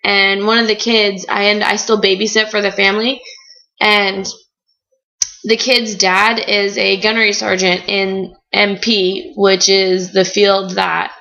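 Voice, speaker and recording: A young woman chatting casually in a video blog, telling animated stories full of "like". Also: medium pitch, unhurried, gravelly, muffled recording. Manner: chatty, animated storytelling with frequent "like". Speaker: vlogger. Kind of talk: casual chat.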